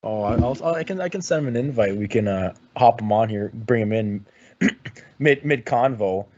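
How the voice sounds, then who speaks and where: A man hosting a sports podcast, chatting casually and rambling, with many restarts and throat clearing. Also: mid-range voice, animated, normal speed, a little mellow. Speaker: podcast host. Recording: dull lo-fi audio.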